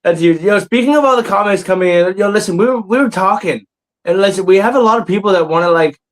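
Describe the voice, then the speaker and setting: A man's voice: sits high, fast, low-quality recording. A man hosting a comedy podcast, hyped and casually swearing, peppering his talk with "man" and "dude". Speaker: podcast host.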